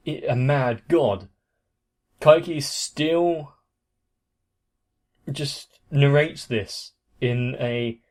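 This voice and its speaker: A man's voice: medium pitch, extremely slow, long pauses, a little mellow. A young man hosting an anime reaction channel, giving casual, thoughtful commentary that trails off at the ends of phrases.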